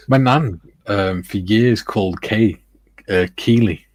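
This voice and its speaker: A man's voice: lowish voice, slow pace, no echo. A man chatting easygoingly and reading out viewer comments on a modelling livestream. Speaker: co-host of a scale-modelling livestream.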